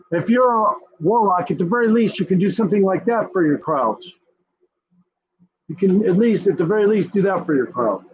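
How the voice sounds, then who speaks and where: A man giving a combative, profanity-laced ranting commentary with a husky voice, hammering the same points over and over. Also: high voice, muffled recording. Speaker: streamer.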